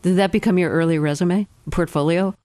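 A woman's voice: on the low side, fairly quick, dark tone, no room sound, studio quality. A woman interviewing a guest, asking friendly, curious questions.

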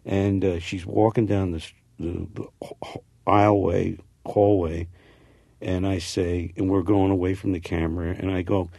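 A man's voice: sits low, little pitch movement, normal speed, vocal fry, warm tone, slightly rough, no room sound, clean studio sound. A man with a slight New Jersey accent, an actor talking through an interview in a rambling, reminiscing way that restarts its sentences. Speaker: actor guest. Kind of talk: casual interview.

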